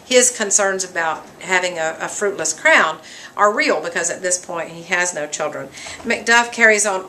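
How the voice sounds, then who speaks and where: Woman teacher, bright clear tone, mid pitch; reads quoted lines with lifted emphasis, then restates them plainly. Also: low-quality recording. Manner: paraphrases lines in plain modern words. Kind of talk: lecture walking through a play.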